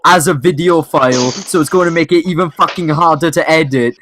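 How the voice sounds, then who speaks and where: A young Welsh man, a guest podcaster, rambling and swearing in casual banter, quick to laugh. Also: on the high side, fairly bright tone, slight background noise. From Wales.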